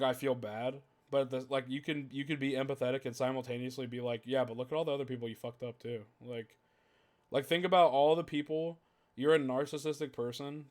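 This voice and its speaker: A man hosting a casual podcast chat, talking in a heated, profane rant. He piles up "like" fillers as he goes. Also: medium pitch. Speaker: podcast host.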